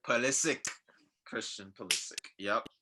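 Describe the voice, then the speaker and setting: A man hosting a podcast in casual chat, joking crudely and breaking into loud shouted bursts. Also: medium pitch, unhurried, background noise. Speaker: podcast host.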